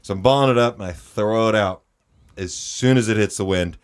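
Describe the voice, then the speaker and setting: A young man hosting a podcast, telling a story in a casual, animated way, swearing and jumping into high voices for quotes. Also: a little fast, smooth. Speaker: podcast host.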